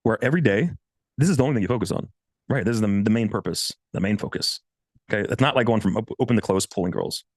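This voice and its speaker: A man's voice: fast, no room sound. A man in his thirties giving blunt, profane dating advice in a casual coaching monologue. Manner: blunt, profane, animated, swings pitch for quoted voices.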